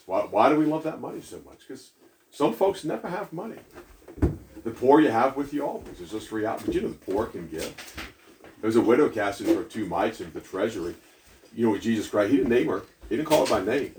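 A man's voice: medium pitch, very animated, a little fast, darkish tone. A man preaching a sermon in a church, talking conversationally and putting questions to the congregation. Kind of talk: sermon with a storytelling aside. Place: church hall. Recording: echoey hall, mic at a distance, faint noise.

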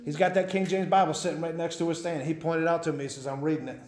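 Fiery high-voiced preacher in an echoey room. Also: male voice, fairly even intonation, quick pace, a little mellow. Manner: fiery and pleading, with a folksy drawl. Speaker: pastor. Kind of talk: sermon.

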